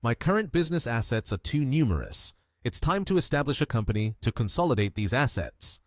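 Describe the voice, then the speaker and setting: A man voicing an excitable, cheerful young man. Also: medium pitch, brisk, no room sound, clean studio sound, lightly acted. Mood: excited.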